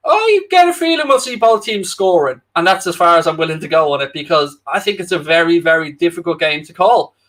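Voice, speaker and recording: Bright, chatty Irish guy. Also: on the high side, lively intonation, brisk, few pauses. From Ireland. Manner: chatty, jokey, addresses viewers directly. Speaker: co-host of a football watchalong livestream. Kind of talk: casual livestream chat reading out viewer comments.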